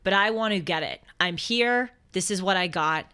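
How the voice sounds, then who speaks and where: A young woman with a Boston accent hosting a casual talk show, lively and quick to laugh. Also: on the low side, smooth. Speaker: podcast host. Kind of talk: casual chat.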